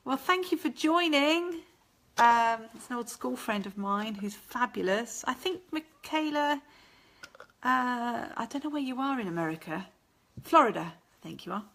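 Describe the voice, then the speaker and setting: Chatty woman, bright voice. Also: fairly high pitch, animated, measured pace. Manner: chatty and rambling, laughs often. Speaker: vlogger hosting a live stream. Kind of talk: casual live-stream chat reading viewer comments.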